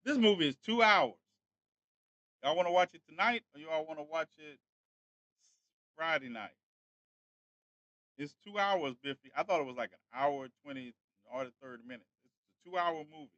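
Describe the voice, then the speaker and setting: A man's voice: a little high, moderate pace, pauses often, fairly bright tone, no echo, lo-fi sound. Guy rambling to his stream chat, casual, dry close sound. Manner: chatty, talks straight to viewers. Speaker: livestream host.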